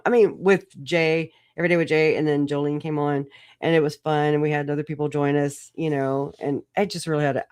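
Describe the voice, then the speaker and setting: A woman's voice: deep voice, a little mellow, no echo, clean studio sound. A woman hosting a casual solo livestream, rambling through stories, swearing and laughing often. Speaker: livestream host.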